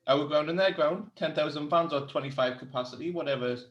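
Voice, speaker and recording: Co-host, fairly high voice, brash and sweary, ranting with mates. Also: male voice, quick pace, dull audio. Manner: brash, swearing, laughing rants. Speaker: podcast co-host. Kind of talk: casual banter.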